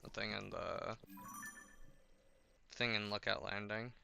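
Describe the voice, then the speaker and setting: A man's voice: on the low side, steady tone, takes it slowly, vocal fry, background noise. A man giving casual, rambling commentary on his own gameplay, wry and chatty. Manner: rambling, wry, talks to himself while playing. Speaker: gaming streamer.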